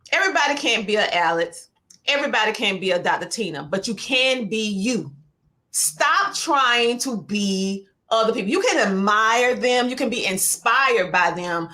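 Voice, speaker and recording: A woman with a Southern US twang hosts a podcast interview in a lively, playful way. Her voice is bright and forward, with expressive swings as she talks. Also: medium pitch. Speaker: podcast host. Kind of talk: conversational interview.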